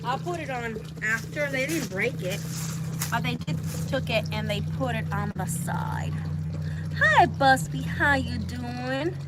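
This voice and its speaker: A chatty woman with a slightly high voice talks to her viewers and coos at her birds while she works at a backyard coop. Her phone picks up plenty of outdoor noise, with animals heard behind her. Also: animated, unhurried. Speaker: backyard chicken keeper hosting a livestream. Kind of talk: casual livestream chat. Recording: noisy outdoor phone stream.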